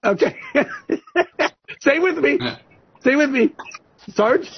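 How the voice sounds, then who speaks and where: A man leading a preaching-style group discussion on a video call, addressed as coach, animated and repetitive as he calls on listeners one by one. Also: extremely high pitch, extremely slow, slight background noise. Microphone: video call microphone. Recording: muffled video call audio.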